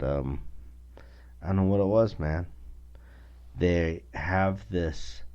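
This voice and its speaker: A man's voice: rumbling low, a little mellow, highs cut off. A man with a Southern US accent hosting a podcast alone, ranting bluntly and with plenty of profanity. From American South. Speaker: podcast host. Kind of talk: casual solo rant.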